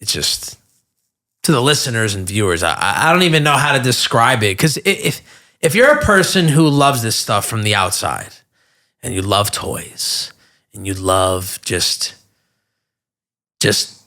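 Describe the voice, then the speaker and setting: A man hosting a casual podcast, eager and quick to gush about his guest. His voice is bright and forceful, and he asks long, winding questions. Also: fairly low pitch, animated. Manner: enthusiastic, gushing reactions. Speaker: podcast host.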